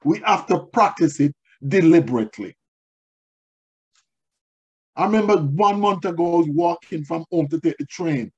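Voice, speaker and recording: A man's voice: a little high, animated, moderate pace, long pauses, darkish tone, breathy edge, dull audio. A male pastor delivering a sermon, moving from storytelling to emphatic preaching.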